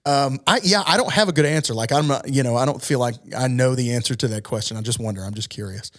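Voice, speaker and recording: A man co-hosting a podcast in casual, animated chat with frequent laughs. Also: medium pitch, fast talker. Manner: animated, chatty, laughs often. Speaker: podcast co-host.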